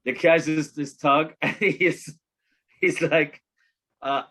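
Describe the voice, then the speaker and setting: A man co-hosting a casual podcast, telling a short story quickly and laughing as he goes. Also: on the high side, steady tone, bright, forceful tone. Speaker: podcast co-host.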